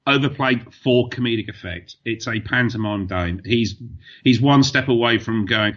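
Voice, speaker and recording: A man's voice: fairly low pitch, moderate pace, a bit bright. A man co-hosting a casual radio chat about films, with dry, teasing banter. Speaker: radio co-host. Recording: slightly dull lo-fi sound.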